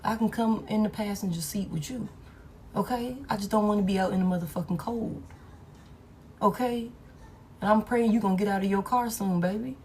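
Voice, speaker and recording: Lady mocking a freeloader begging for a seat, hushed and wheedly, mid pitch. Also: a little fast, a little hiss or hum, lightly acted. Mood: pleading.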